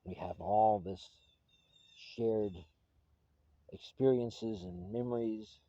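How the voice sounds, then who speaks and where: A man's voice: lowish voice, fairly even intonation, slow pace, dark tone, no echo, muffled recording. A man recording a personal video message to his estranged wife, earnest and pleading, often restarting his sentences.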